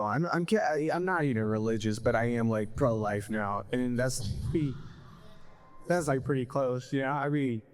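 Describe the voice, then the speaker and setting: A young man working through a stand-up set in a middle-pitched, ordinary voice. He rambles and circles back with a steady stream of fillers and self-mocking asides. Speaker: stand-up comedian.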